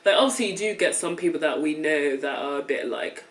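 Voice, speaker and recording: A woman's voice: sits low, fairly quick, recorded from a distance, poor audio. A young woman with an English accent, chatting casually to camera for her vlog, loose and full of fillers, laughing often. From England. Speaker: vlogger. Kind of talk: casual chat while eating.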